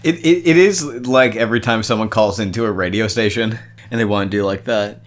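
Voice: medium pitch, brisk. A podcast co-host making joking asides and playful impressions in casual chat.

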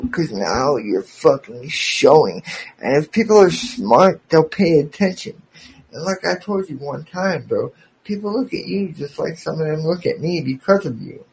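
A man's voice: on the high side, gravelly, darkish tone, a little hiss or hum, rough recording. A man hosting a podcast, delivering an angry, profane, sarcastic rant aimed at a former friend.

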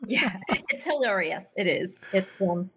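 A woman's voice: medium pitch, lively intonation, measured pace, a bit bright. A woman who grew up in Africa, a guest actress on a podcast, speaking casually with many fillers and frequent laughs. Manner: laughs often, hesitant with fillers. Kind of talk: casual interview chat.

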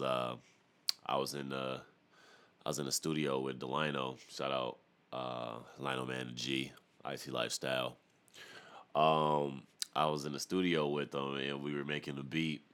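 Young male podcast host, booming low voice, loose profane rambling monologue. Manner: profane, animated ranting with laughs. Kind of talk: casual solo podcast rant.

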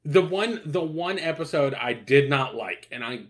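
A man's voice: on the high side, animated, moderate pace. A young man in casual podcast chat, laid-back and swearing often, with lots of fillers and restarts. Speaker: podcast co-host.

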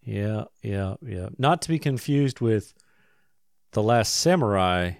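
A man hosting a casual podcast, joking in a dry, deadpan way. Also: on the low side, takes it slowly, vocal fry, no echo. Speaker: podcast host. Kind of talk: casual chat.

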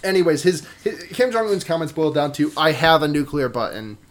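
A woman's voice: deep voice, brisk. A woman hosting a podcast in casual chat, rambling with lots of fillers and swearing. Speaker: podcast host.

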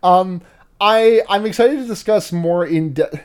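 A man's voice: sits high, measured pace, clean tone. A man co-hosting a podcast, recapping an anime episode in a rambling, joking way. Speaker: podcast co-host.

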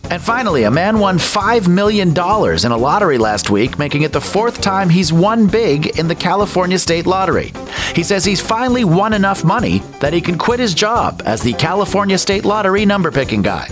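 A man hosting a satirical comedy news show, delivering scripted jokes in a wry, deadpan way. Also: sits high, a little fast, music in the background.

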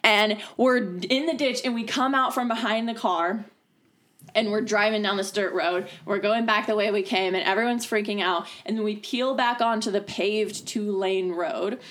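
A woman's voice: mid-range voice, normal speed, fairly bright tone. A young adult woman from the US Midwest, chatting casually with friends as she tells a long story, full of "like" and the odd swear word. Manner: chatty, lots of fillers and swearing.

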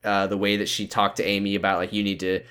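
A man's voice: lowish voice, monotone, fast, pushed and bright, clear, resonant tone. Sarcastic man in casual chat. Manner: sarcastic, exasperated, swears freely. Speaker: podcast co-host recapping a TV episode.

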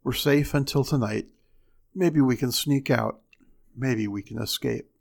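A man's voice: medium pitch, a little slow, vocal fry, darkish tone. A man voicing a nervous housewife who turns frantic and pleads in breathless bursts. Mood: desperate.

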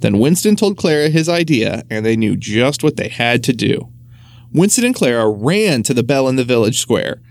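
A man reading a children's story aloud in an expressive, storytelling manner. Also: mid-range voice, moderate pace, vocal fry.

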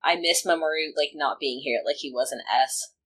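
A woman's voice: low-pitched, moderate pace, fairly bright tone, breathy edge, poor audio. A woman co-hosting a podcast, chatting casually with lots of "like" fillers and frequent laughter. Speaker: podcast co-host. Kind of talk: casual podcast chat recapping an anime.

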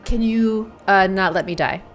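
A woman's voice: mid-range voice, moderate pace. A woman playing a character in a tabletop game, wry in her banter. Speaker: player. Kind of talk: tabletop role-play banter.

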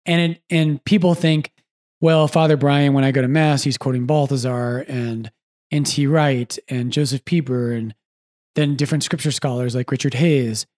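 A man who is a priest and podcast host, chatting casually and with animation, often breaking off to correct himself. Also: medium pitch. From United States. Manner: animated, quick asides, self-correcting.

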